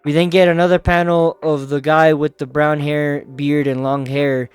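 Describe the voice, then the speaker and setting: A man with a smooth, resonant voice pitched a little high. He swears freely and laughs easily in a loose comic recap full of fillers. Light music plays underneath. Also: little pitch movement, moderate pace, no echo. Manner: profane, laughing, filler-heavy. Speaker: manhwa recap host. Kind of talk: casual comic recap commentary.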